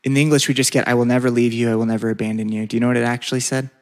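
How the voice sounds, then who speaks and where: A man's voice: medium pitch, little pitch movement, a little mellow. Emphatic male pastor preaching. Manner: emphatic, drawn-out repetitions, leads call-and-response. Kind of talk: sermon.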